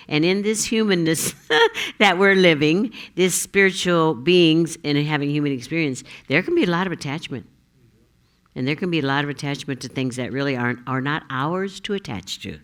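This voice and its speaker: A woman minister giving a Sunday sermon in a giggly, animated way, fond of jokes. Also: low voice, moderate pace. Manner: giggly, joke-telling, animated.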